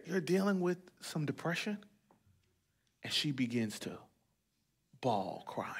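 High bright-voiced preaching pastor. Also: male voice. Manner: conversational preaching with humor and repetition; prays aloud in short emphatic phrases. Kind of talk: sermon.

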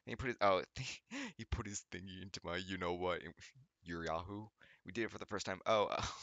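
A man with a fairly low but bright, pushing voice reads a text aloud for laughs. He stumbles over words, groans and breaks off to make sarcastic remarks. The sound is dry and close, as if recorded in a small home studio. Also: fast, no room sound. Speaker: YouTuber reading fanfiction aloud. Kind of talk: comedic reading with sarcastic commentary.

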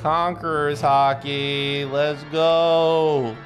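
A high-pitched male streamer reacts live in a loose, casual way. He swears constantly and bursts into sudden excited shouts. Faint music plays under his voice. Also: extremely slow.

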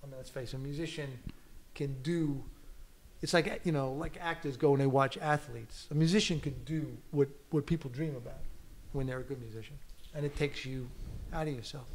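A man's voice: medium pitch, fairly even intonation, fairly quick. A man from the United States, a film director and actor, talking animatedly as a guest in an onstage conversation, full of "you know" and laughter.

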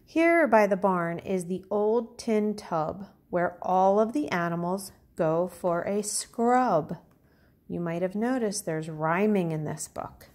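A woman kindergarten teacher reading a picture book aloud to young children, talking clearly and encouragingly. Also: fairly low pitch, animated, slow, darkish tone. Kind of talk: storybook read-aloud lesson for children.

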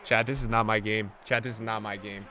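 Bright-voiced young male streamer. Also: fairly low pitch, fairly quick, a little hiss or hum. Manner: excitable, swings from mumbling to shouting, heavy slang. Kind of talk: live gameplay commentary.

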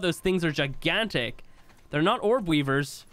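A man with a fairly high voice talks through his gameplay in a loose, chatty way. His pitch swings widely as he thinks aloud, and he leans on fillers like "um" and "like." It sounds like let's play commentary. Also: animated, a little slow, fairly bright tone. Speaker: gaming video creator.

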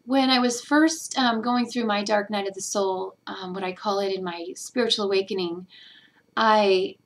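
A woman's voice: medium pitch, steady tone, moderate pace. A woman vlogger talking casually and earnestly about meditation, getting emotional as she rambles with fillers. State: teary. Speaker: spiritual vlogger. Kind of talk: casual personal talk.

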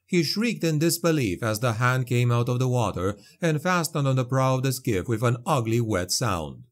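A man reading a dark fantasy story aloud as an audiobook narrator, measured and vivid. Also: medium pitch, animated.

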